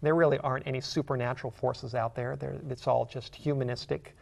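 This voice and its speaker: A man teaching a Bible study, who reads scripture slowly and asks the listener earnest questions. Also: mid-range voice, fairly even intonation, vocal fry. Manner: earnest, slows down to read scripture aloud.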